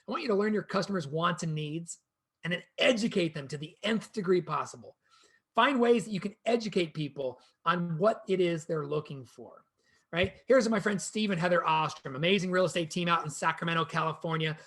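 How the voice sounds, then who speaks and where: A man presenting a real estate training session in an energetic, conversational way, speaking to a co-host and the viewers. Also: on the high side, a little fast.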